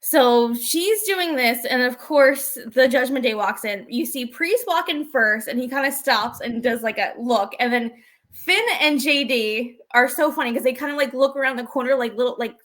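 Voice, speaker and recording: A woman with a high voice talks through a recap, bouncing between narration and little acted-out lines. The chat is casual and animated. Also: normal speed. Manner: animated retelling, acting out lines. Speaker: podcast co-host.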